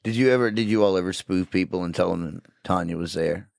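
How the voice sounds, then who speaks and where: Low-voiced male podcast host. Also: brisk, creaky, darkish tone, no room sound, studio quality. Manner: hesitant, loosely phrased questions. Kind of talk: casual interview questions.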